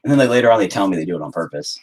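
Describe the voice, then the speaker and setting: A man's voice: animated, very fast, a little mellow, breathy edge, poor audio. A man in his thirties chatting crudely and jokingly at home while painting on a livestream. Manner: crude, joking, often puts on shrill mocking voices. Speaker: artist livestreaming a painting session. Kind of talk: casual rambling livestream chat.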